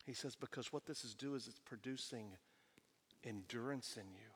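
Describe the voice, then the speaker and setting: A middle-aged man preaching a sermon, swinging between hushed, slow passages and loud, emphatic ones. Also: medium pitch, slightly rough, in a large hall. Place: church sanctuary.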